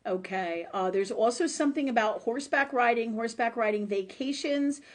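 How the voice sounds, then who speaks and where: A woman's voice: a little high, moderate pace. Woman, psychic reader, live-stream host, chatty, loose, fillers, casual swearing.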